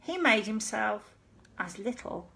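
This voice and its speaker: A woman teacher reading a children's story aloud, slow and expressive, with playful sound-effect words. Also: a little high, creaky, a little hiss or hum.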